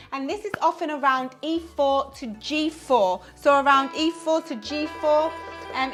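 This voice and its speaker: A woman's voice: sits high, fairly bright tone. A woman vocal coach giving an upbeat singing lesson to camera, explaining with the odd "you know" and "um".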